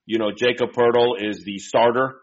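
An easygoing man with a mid-range voice chats casually about draft picks and readily agrees with his co-host. He speaks in a relaxed, conversational way. The recording has a dull, lo-fi quality. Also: mid-range voice, normal speed. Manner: easygoing, agreeable, laughs along. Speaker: podcast co-host. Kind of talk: casual draft-pick chat. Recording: dull lo-fi sound.

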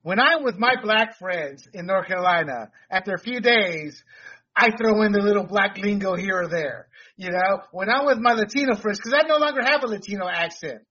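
A man's voice: high voice, lively intonation, moderate pace, sharp tone, slightly rough, dull audio. A man hosting a casual talk show, rambling off topic and laughing often. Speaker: podcast host. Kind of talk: casual chat.

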